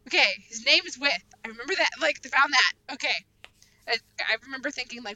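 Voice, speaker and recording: A woman's voice: high-pitched, fast talker, bright, forceful tone, rough recording. A woman co-hosting a casual podcast, rambling and thinking aloud as she talks. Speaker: podcast co-host. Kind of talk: casual chat about anime.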